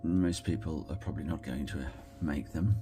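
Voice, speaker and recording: An Australian man talking casually as he makes a card, thinking aloud and quietly murmuring approval at his work. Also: a bass voice, normal speed, a little hiss or hum. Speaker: card-making crafter. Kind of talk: casual commentary while crafting.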